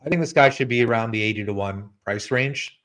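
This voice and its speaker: A man hosting a podcast in a relaxed, chatty way, talking straight to his co-host. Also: medium pitch, a little fast. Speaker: podcast host giving betting picks. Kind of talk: casual podcast chat.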